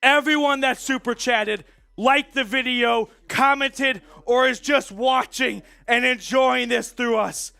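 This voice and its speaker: Excited male stream host; high, gravelly, slow, shouting chat shout-outs. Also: faint music behind. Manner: shouting excitedly, reading out super chats. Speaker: sports show host. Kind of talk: live-stream sports talk.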